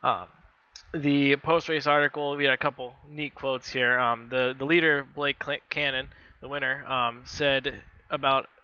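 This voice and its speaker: A man's voice: mid-range voice, fairly even intonation, unhurried, bright, forceful tone, clear, resonant tone, dull audio. A man co-hosting a podcast who runs through racing news in a casual tone, reading from notes with fillers. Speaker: podcast co-host, news reader.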